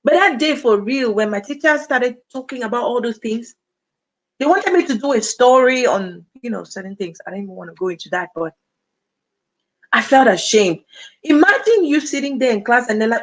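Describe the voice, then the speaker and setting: A slightly high-voiced woman with a Cameroonian accent hosts a casual livestream. She chats easily and speaks straight to her viewers, reading out their comments as she goes. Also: fairly quick, low-quality recording. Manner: chatty, addresses viewers directly and reads out comments. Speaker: livestream host.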